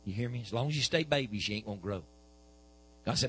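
A man's voice: medium pitch, lively intonation, fast talker, fairly bright tone, husky, rough recording. A man, preaching a sermon and telling a healing story with quoted back-and-forth dialogue.

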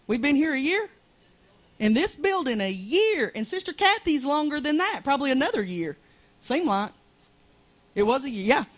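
High-voiced woman preaching. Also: sing-song, moderate pace, long pauses. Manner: fervent, conversational preaching with Southern colloquialisms. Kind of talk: sermon. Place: small church.

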